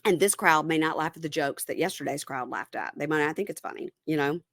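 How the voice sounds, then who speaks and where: A woman with a fairly low voice chats casually, retelling scenes with lively put-on quotes. Her voice sounds close and dry, with no room around it. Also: fast, vocal fry, no echo. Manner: animated retelling, acting out quotes. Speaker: podcast co-host recapping reality TV. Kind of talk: casual chat.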